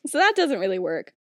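A woman's voice: medium pitch, no room sound, clean studio sound. Chatty, giggly young woman storyteller. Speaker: podcast host. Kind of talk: casual story retelling.

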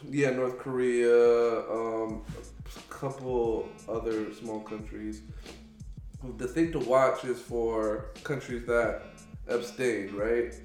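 A man's voice: mid-range voice, flat delivery, slow pace, a little mellow. A man talks in a loose, rambling podcast style. He stops and restarts his sentences and swears offhandedly. The room is echoey, with faint music in the background. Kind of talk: casual podcast chat.

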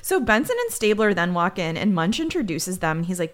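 Brisk and sing-song, a woman with a lowish voice co-hosts a podcast and runs through a TV episode casually. Sarcastic asides pepper her chatty plot summary.

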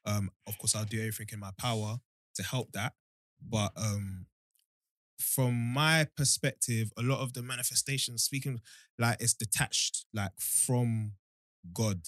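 Young man, casual podcast chat, rambling with fillers, lowish voice, dry sound. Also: unhurried, a bit bright, no room sound. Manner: laid-back, rambling with many fillers. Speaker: podcast co-host.

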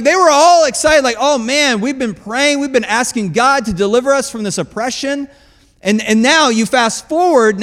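A man preaching a sermon as pastor, conversational and animated, laughing often and acting out quotes. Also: high-pitched, big-room sound.

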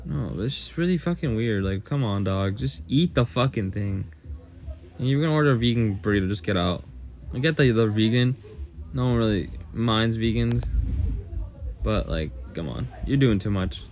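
A man's voice: lowish voice, animated, moderate pace, a little mellow. A young man co-hosting a podcast, casually telling a long, profane story about work. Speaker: podcast co-host. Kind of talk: casual chat.

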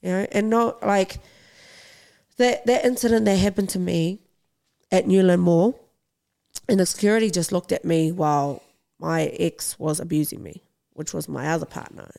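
A woman's voice: sits low, normal speed, vocal fry, mellow. A woman guest in a podcast interview, speaking earnestly and urgently and repeating phrases for emphasis. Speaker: interview guest, boxing champion.

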